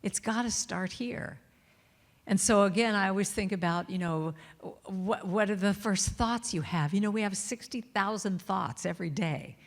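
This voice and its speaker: A woman's voice: mid-range voice, moderate pace. A middle-aged woman giving a playful, chatty spiritual talk to a congregation, acting out little quotes as she goes. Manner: warm, chatty, playful, acts out quotes and sings snippets. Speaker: inspirational speaker and singer. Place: large church hall. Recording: long reverb of a large hall.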